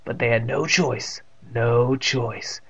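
A man narrating a story in a steady, plain reading voice, adding jokes of his own. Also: mid-range voice, takes it slowly, vocal fry, slightly rough, lo-fi sound. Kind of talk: audiobook reading with ad-libbed jokes.

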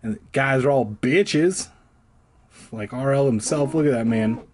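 A man's voice: mid-range voice, unhurried, a little mellow, a little hiss or hum. A man reading a children's horror book aloud, breaking off for crude, sarcastic asides. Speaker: reader.

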